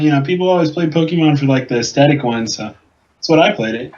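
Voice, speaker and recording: Young man, gaming podcast guest, slightly high voice, boastful banter. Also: fast talker, darkish tone, muffled recording. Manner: laid-back, boastful banter. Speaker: podcast co-host. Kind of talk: casual gaming podcast chat.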